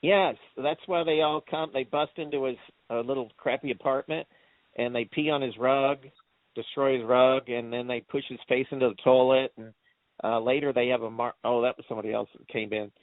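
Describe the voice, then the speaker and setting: A man co-hosting a movie review chat, laughing often as he retells scenes with excitement. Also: mid-range voice, fairly quick, dry recording. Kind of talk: casual chat. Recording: tinny phone-like dry sound.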